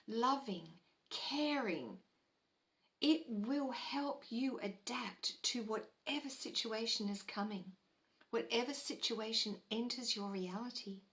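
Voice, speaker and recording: A woman leads a live spiritual teaching in a fairly high, soft voice. She speaks slowly and soothingly, with gentle sighs, and comes back to her key phrases again and again. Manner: repeats key phrases for emphasis.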